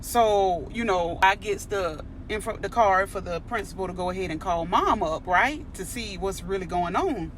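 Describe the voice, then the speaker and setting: A woman telling a storytime about her school front-office job in a chatty, lively way, acting out everyone's quoted lines. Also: medium pitch, normal speed, hardly any pauses, slight background noise. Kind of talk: casual storytime vlog.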